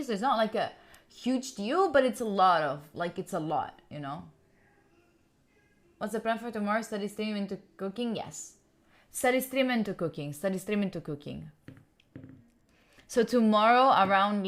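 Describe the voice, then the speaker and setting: A young woman from Italy hosting a study livestream at home, chatting casually and giggling as she answers viewers' questions. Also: medium pitch. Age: young adult. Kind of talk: casual chat with live viewers. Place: room at home.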